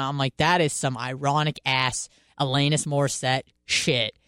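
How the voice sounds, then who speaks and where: A woman's voice: a bass voice, fairly even intonation, normal speed, hardly any pauses, a bit bright, dry recording, clean studio sound. A woman in her twenties hosting a radio talk show, telling stories in a candid, profane, laughing way. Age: 20s. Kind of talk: casual storytelling chat.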